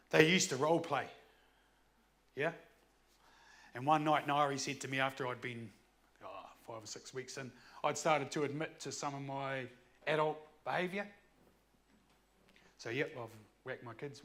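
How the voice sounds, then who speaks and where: A man's voice: medium pitch, vocal fry, a bit bright. A man telling a candid personal story in a blunt, swearing way. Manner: blunt, swears freely, acts out his own past outbursts. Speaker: speaker sharing his story.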